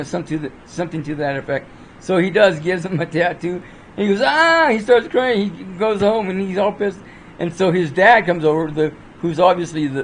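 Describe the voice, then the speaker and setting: A man's voice: on the high side, a little mellow, slight background noise, poor audio. Rambling man giving a casual movie review. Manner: rambling, lots of fillers and restarts, acts out quotes.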